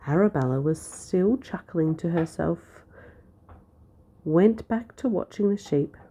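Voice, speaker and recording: A woman reading a children's storybook aloud, with a lively, expressive delivery. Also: fairly low pitch, slow pace, slightly rough. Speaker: storybook narrator.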